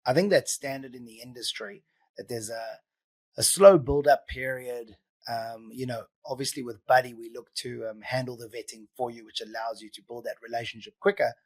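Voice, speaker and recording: A man's voice: medium pitch, steady tone, moderate pace, dry recording. A man hosting a podcast, chatting casually and asking probing questions with frequent fillers. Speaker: podcast host. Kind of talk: casual interview chat.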